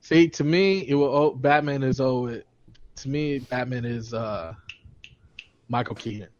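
A man's voice: mid-range voice, unhurried, a little mellow, slight background noise. A man co-hosting a podcast, telling stories in a casual, profane way and laughing often. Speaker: podcast co-host. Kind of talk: casual chat. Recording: dull lo-fi, dry.

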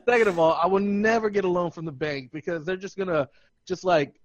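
A man's voice: high-pitched, fairly quick, dry recording. Young man rambling, dull lo-fi sound. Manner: rambling, laughing, loose and profane. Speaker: podcast co-host. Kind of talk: casual chat.

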